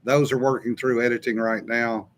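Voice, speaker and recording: A man's voice: mid-range voice, flat delivery, moderate pace, slight background noise. Man telling a story casually. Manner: storytelling, drawling, laughs often. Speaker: co-host. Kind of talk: casual chat, reading live comments.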